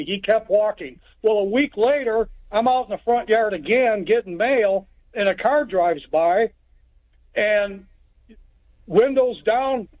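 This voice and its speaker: A man's voice: high voice, animated, a little slow, dry recording. A man from Texas calling into a radio show, telling a story in a plainspoken, rambling way. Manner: rambling, plainspoken, lots of restarts. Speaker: caller. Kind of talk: phone-in storytelling. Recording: tinny phone line.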